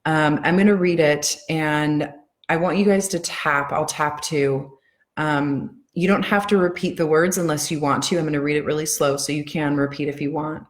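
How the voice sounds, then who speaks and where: A woman leading a tapping session, speaking gentle affirmations slowly and soothingly, then talking earnestly and warmly to her live audience. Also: low-pitched, fairly even intonation. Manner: earnest, heartfelt. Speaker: EFT tapping coach. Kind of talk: casual live-stream talk.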